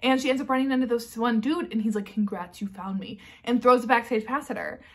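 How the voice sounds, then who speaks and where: A woman's voice: on the high side, steady tone, fast talker. A woman in a casual chat about books, talking bluntly with lots of fillers. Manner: chatty and blunt, heavy on fillers like "like". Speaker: book reviewer.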